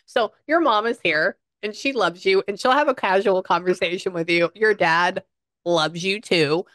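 A woman's voice: medium pitch, normal speed, a bit bright, dry recording. A woman working as a psychic medium in a casual session, chatting and passing on quotes in a conversational way.

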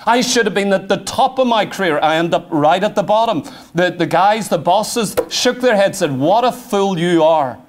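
A man's voice: high voice, lively intonation, moderate pace, few pauses, a little hiss or hum. A middle-aged man preaching a sermon, fervent, full of rhetorical questions and arguing aloud with himself.

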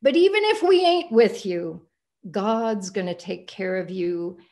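A woman puts on an elderly, motherly woman with a plain, reassuring way of speaking. She talks slowly and earnestly, steady in her conviction. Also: medium pitch. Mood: tender, insistent.

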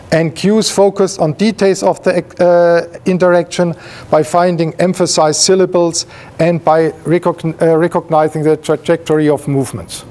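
A man's voice: sits high, a little mellow. A male professor giving an academic seminar lecture, explaining while pointing at slides, with frequent fillers and restarts.

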